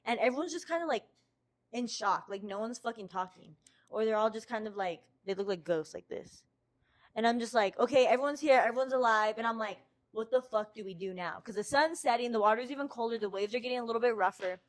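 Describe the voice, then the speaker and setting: Young woman from the us, podcast host, swears a ton, acts out what she said, kinda high voice. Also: fast. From United States. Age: young adult. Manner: lively, swears constantly, acts out her own quotes. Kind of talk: casual storytelling.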